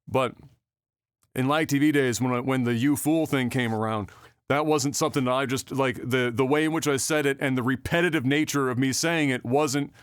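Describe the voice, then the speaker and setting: A man's voice: medium pitch, moderate pace, smooth, no room sound. Rambling, profane podcast host man. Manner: rambling, profane, with frequent fillers. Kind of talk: casual podcast chat.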